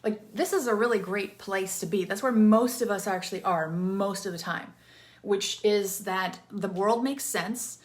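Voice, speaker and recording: A woman's voice: medium pitch, measured pace. A woman in her thirties, an interactive storytelling coach, giving an upbeat, chatty live-streamed talk from a room with some echo. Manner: upbeat, chatty, energetic with bursts of enthusiasm.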